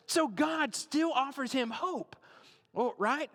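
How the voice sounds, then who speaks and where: Male preacher, high-pitched, chatty sermon delivery; long church reverb. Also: expressive, measured pace, a bit bright. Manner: conversational, repeats and checks in with "right?".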